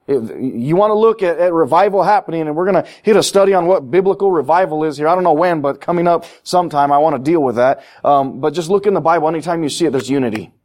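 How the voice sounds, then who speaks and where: A middle-aged man preaching a sermon, animated, acting out little voices in his asides. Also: a little high, fast, few pauses. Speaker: pastor.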